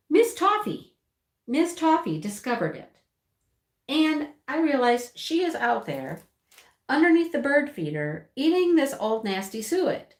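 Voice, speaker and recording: A woman hosting a home livestream, chatting casually and telling a rambling, animated story with frequent laughs while she crafts. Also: mid-range voice. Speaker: livestream host. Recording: roomy echo.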